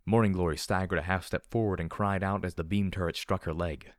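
A man with a very low voice reads a first-person story aloud in a steady, grave manner. The recording is dry, close and unadorned, with no room sound. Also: brisk, no room sound. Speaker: audiobook narrator.

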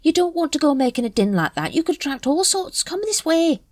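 A woman voicing a shifty, scruffy older male night watchman who mutters evasively in rough slang. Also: high-pitched, sing-song, fairly quick, dry recording, studio quality, pitched above the performer's own voice. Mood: grumbling.

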